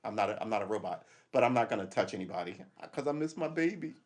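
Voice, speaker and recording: With a fairly low pitch, lively intonation and a quick delivery, this middle-aged former cop hosts a relaxed livestream. He curses freely, speaks bluntly, laughs often and restarts a lot.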